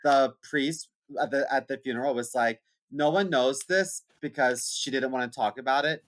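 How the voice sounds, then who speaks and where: A young man co-hosting a podcast, telling a funny family story in a casual, animated way and laughing as he goes. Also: medium pitch, normal speed, poor audio. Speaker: podcast co-host.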